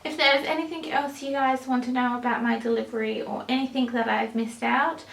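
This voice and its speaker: A woman's voice: fairly high pitch, fairly even intonation, fairly quick, vocal fry, fairly bright tone. A young woman vlogger telling a personal story to camera in a chatty way, with many ums and likes. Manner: chatty, many "um"s and "like"s, bursts of laughter. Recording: echoey room.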